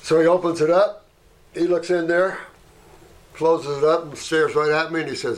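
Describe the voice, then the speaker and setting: An older man, a natural healer, telling rambling anecdotes in a casual way and getting animated when he retells them. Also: fairly high pitch, moderate pace. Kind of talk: casual storytelling.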